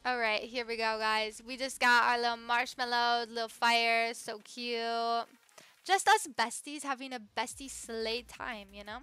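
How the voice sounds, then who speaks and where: A young woman streaming a game live, bubbly, greeting viewers by name and swinging between excited squeals and quiet murmurs. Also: fairly high pitch, measured pace, clean tone. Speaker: livestreamer. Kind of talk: live-stream gaming chat.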